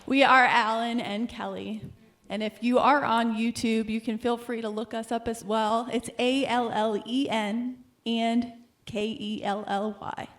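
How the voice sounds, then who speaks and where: A woman's voice: on the high side, fairly even intonation, unhurried. Chatty woman musician guest. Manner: friendly, chatty, spells out names. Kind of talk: casual introduction.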